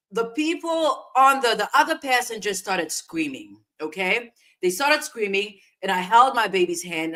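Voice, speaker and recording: Animated woman telling a story. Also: medium pitch. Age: adult parent of a young child. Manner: animated, dramatic swings in loudness. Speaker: podcast co-host. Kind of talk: casual storytelling chat.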